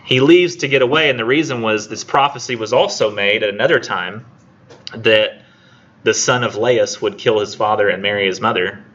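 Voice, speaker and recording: A man with a fairly low, fairly bright voice teaches a college English class in a relaxed lecture, captured in a muffled recording with faint noise. As he retells the story, he chats and performs the characters' lines in quick voices.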